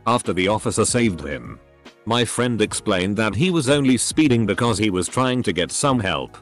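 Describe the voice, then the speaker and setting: A man narrating online stories as scripted readings, in a lively, expressive way. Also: fairly low pitch, moderate pace, soft background music.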